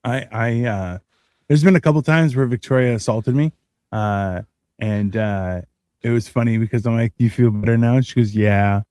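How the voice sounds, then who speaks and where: A man's voice: medium pitch, normal speed, a little mellow, smooth. A man hosting a casual podcast chat, reflective and wry, often restarting his sentences. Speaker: podcast host.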